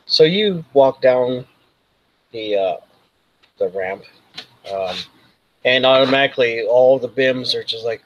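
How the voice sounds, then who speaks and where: A man narrating a tabletop role-playing game as game master, rambling and halting with many ums. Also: medium pitch, muffled recording, a little hiss or hum.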